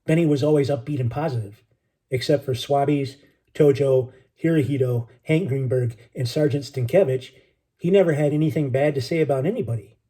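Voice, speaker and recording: Man narrator for a book reading, steady delivery, husky and mellow tone. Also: medium pitch, a little fast. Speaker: audiobook narrator. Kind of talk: first-person storybook reading.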